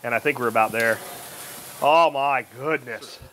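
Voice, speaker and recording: A man's voice: mid-range voice, normal speed, pushed and bright, slight background noise. A man, co-hosting a cooking show and joking while he cooks, laughing often and telling stories with animation. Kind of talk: casual banter while cooking.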